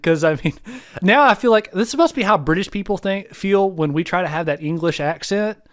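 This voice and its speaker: Young man, podcast co-host, rambling, reflective, smooth clear voice, dry close sound. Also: high voice, brisk, no room sound. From United States. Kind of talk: casual chat.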